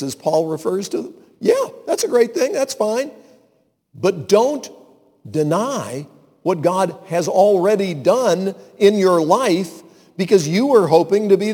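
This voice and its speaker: Male pastor, slightly high voice, conversational sermon with humorous asides, echoing church reverb. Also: darkish tone.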